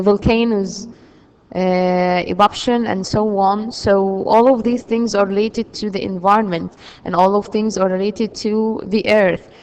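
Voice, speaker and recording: Slow-speaking woman teaching a class. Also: medium pitch, a little mellow, clean tone, rough recording. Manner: slow, explaining patiently with many fillers. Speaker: English teacher. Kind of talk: classroom lesson.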